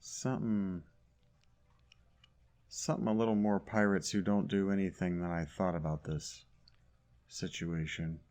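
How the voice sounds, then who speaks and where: A man's voice: low-pitched, steady tone, unhurried, long pauses, darkish tone. A man giving sarcastic, grumbling commentary while playing a video game. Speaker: gaming YouTuber. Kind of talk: casual let's play commentary.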